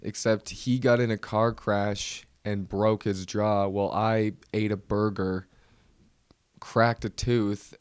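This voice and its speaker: On his own comedy podcast, a man rants nervously and pokes fun at himself in a solo monologue. His fairly low voice is clear and resonant, in clean studio sound with no room sound.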